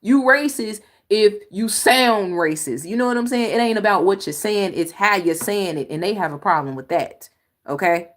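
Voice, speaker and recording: A woman's voice: medium pitch, normal speed. Blunt woman ranting over clips. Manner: blunt, emphatic, sighs and exclaims. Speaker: reaction video host. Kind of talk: reaction commentary on clips.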